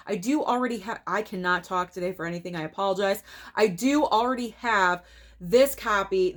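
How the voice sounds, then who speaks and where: A woman's voice: fairly high pitch, fairly bright tone. A woman hosting a casual show-and-tell vlog, talking with gushing enthusiasm and tripping over her words now and then. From United States. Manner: enthusiastic and gushing, with frequent stumbles. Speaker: collector vlogger.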